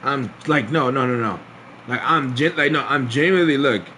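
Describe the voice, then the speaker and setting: A man's voice: medium pitch, normal speed, sharp tone, slight background noise. A young man streaming a casual storytime, laughing often and restarting his sentences in slangy talk.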